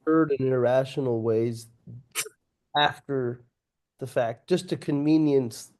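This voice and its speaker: A man hosting a podcast in a reflective conversation. His voice is dark and mellow, and he speaks very slowly and thoughtfully. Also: medium pitch.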